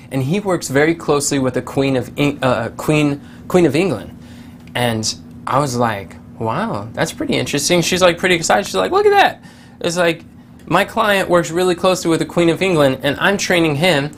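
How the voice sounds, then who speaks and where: A man giving a casual motivational talk, telling stories with lively quoted voices and many fillers and restarts. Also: a little high, slight background noise. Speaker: motivational speaker.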